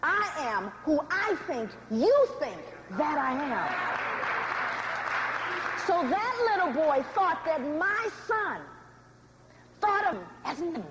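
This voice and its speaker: Animated high-voiced woman lecturing. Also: slow pace, roomy sound, over a noisy crowd, very noisy. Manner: animated, dramatic storytelling with audience asides. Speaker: speaker. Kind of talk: public lecture.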